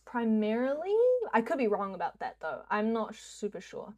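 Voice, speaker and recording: A woman's voice: mid-range voice, lively intonation, moderate pace, darkish tone. A young woman with a New Zealand accent, streaming a guessing game in casual commentary, jokey, swearing freely and slipping into mock rants.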